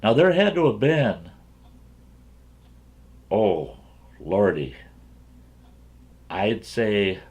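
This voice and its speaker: A man's voice: on the low side, sing-song, drawn-out words, long pauses, a little mellow, husky. A man hosting his own channel, telling a folksy, rambling story from his younger days and often chuckling as he goes.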